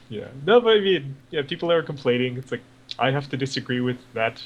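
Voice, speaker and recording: A man's voice: medium pitch, lively intonation, moderate pace, muffled recording. A man co-hosting a podcast, rambling casually about video games with lots of fillers and swearing. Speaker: podcast co-host. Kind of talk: casual gaming chat.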